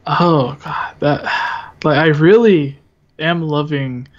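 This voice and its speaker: Man, stream guest, mid-pitched, hesitant, muffled lo-fi audio. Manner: halting, thinks aloud with fillers. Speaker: guest, video creator. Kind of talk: casual chat.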